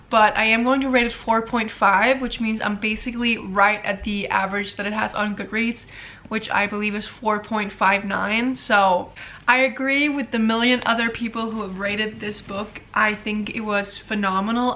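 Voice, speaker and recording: Talking casually to camera, a young book vlogger gushes about the novel she's in the middle of, filling her speech with fillers. She has a medium-pitched voice that's bright and forceful.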